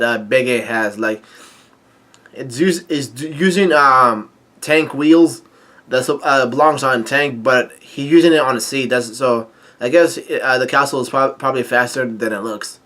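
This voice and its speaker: A man's voice: medium pitch, pushed and bright. A man casually reading through a manga chapter, hesitant and full of fillers and restarts. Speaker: manga reader and commentator.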